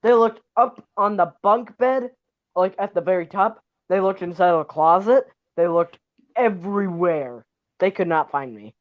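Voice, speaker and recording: Teen girl w a low voice telling a story, kinda muffled, trails off a lot. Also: animated. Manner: halting, trails off, restarts words. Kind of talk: casual chat.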